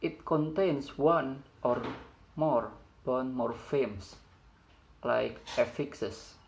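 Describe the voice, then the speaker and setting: Young male student, first language Indonesian, unhurried lesson read, gravelly edge, faint hiss behind. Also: medium pitch, low-quality recording. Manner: slow, careful reading with stumbles over phrasing. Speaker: student presenter. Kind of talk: read classroom presentation.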